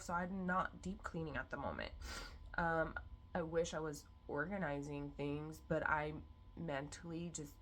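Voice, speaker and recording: A woman's voice: low voice, a bit bright, a little hiss or hum. A young woman vlogging about her day in a rambling, chatty way, with lots of fillers and restarts. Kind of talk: casual vlog chat.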